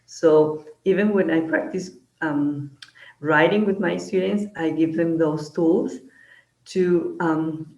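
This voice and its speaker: A woman's voice: deep voice, a little mellow, echoey room, low-quality recording. A woman panelist answering in an online webinar, rambling and often restarting with "I mean". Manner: rambling, keeps saying "I mean".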